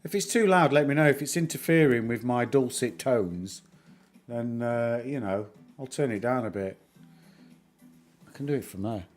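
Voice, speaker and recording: A man's voice: mid-range voice, normal speed. Chatty Northern English man, music behind. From England. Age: middle-aged. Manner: chatty, rambling, self-mocking jokes. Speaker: livestream host. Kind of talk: casual livestream chat. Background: background music.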